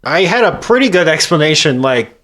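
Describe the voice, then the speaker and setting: A man playing a tabletop game, talking in an unhurried, amused way. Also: a little high, very animated, a bit bright. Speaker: player. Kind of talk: casual tabletop play.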